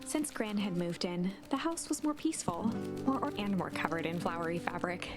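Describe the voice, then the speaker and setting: Gentle storybook narrator, a woman. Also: fairly low pitch, animated, over loud music, close to an everyday voice. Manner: measured, confiding.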